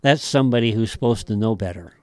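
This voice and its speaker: A man's voice: lowish voice, quick pace, no echo. A man hosting a casual chat, reading notes aloud with wry asides and frequent laughs. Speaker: host.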